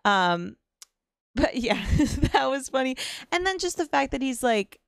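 A woman co-hosting a casual reality-TV chat, chatty and quick to laugh. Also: sits high, very animated, gravelly, clear, resonant tone, no echo, clean studio sound. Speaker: podcast co-host.

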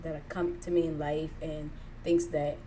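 Low-pitched woman in her 20s from Kenya, candid and rambling, faint hiss behind. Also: little pitch movement, a little slow, dark tone, rough recording. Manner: candid, rambling with many fillers. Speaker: podcast co-host, interviewee. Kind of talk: casual chat.

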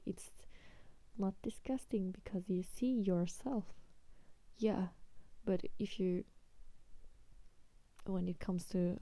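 A woman for whom English is not a first language hosts a solo podcast in a slow, unhurried way. Her voice is very dark and mellow, recorded dry and close with no room around it. She sounds hesitant and apologetic, often sinking into a whisper. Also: medium pitch, no room sound. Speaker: podcast host. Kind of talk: soft-spoken solo podcast monologue.

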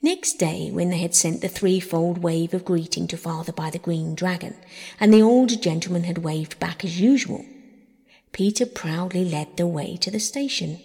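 A woman narrating a classic children's novel as a calm, gentle bedtime audiobook. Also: lowish voice, moderate pace. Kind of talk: calm scripted narration for sleep. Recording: breathy voice in long reverb.

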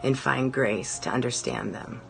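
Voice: medium pitch, measured pace, creaky, a bit bright, soft background music, poor audio. A community member giving a reflective personal statement, thoughtfully searching for the right words. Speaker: community member sharing a view.

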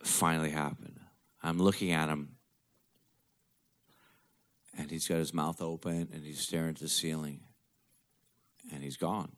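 A man's voice: very deep voice, level tone, measured pace, pauses often, fairly bright tone. A man telling a personal story in a blunt, profane, darkly joking way.

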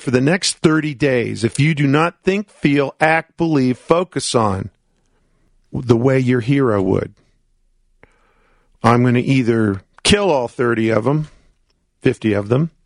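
A man with a gravelly, rough-edged voice hosts a motivational coaching radio show. He speaks emphatically, asks rhetorical questions and plays out his listeners' doubts in their own words. The sound is dry and close to the mic, with no room around it. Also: medium pitch, dry recording.

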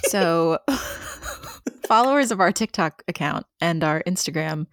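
Low-voiced woman, lively and wry. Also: takes it slowly, dry recording, studio quality. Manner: wry, playful asides. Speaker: podcast co-host. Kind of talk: casual book podcast chat.

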